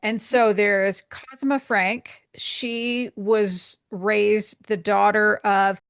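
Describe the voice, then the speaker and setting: A Canadian woman co-hosting a podcast, summarizing a book in a rambling, casual way with quick asides. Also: medium pitch, fairly even intonation, fairly bright tone, clean tone, no echo, studio quality. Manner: rambling explanations, quick asides, frequent laughs. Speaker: podcast co-host. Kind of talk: casual chat.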